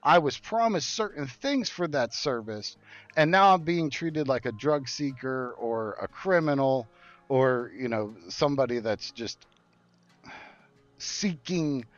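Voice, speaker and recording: A man streaming a game and ranting hard, swearing and indignant, his voice often dropping low and then rising in bursts. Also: unhurried, no room sound, dull audio. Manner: heated, profane, indignant. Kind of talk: angry rant while gaming.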